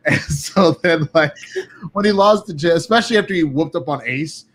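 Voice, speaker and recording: Profane, animated man telling stories. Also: mid-range voice, fairly quick, slight background noise. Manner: profane, animated storytelling with quoted voices. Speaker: guest. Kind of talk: casual podcast chat.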